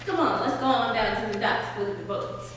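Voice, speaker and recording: A woman's voice: on the high side, expressive, fairly quick, fairly bright tone, slight background noise, pitched below the performer's own voice. A woman voicing a cocky, scruffy young boy who teases a girl in a swaggering way. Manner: swaggering, taunting. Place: art gallery. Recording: echoey gallery hall, far-off mic.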